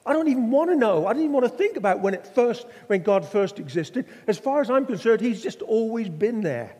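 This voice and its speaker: A man's voice: high voice, darkish tone. An older man from Norfolk, England, preaching a sermon with stories and rhetorical questions. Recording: long hall reverb.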